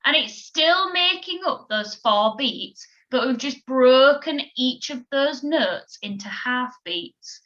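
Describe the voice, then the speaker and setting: A woman's voice: high voice, animated, slow pace, few pauses, fairly bright tone. A woman teaching a children's music lesson on video, patient and encouraging as she counts the pupils in. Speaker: primary school music teacher. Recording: slightly dull lo-fi recording.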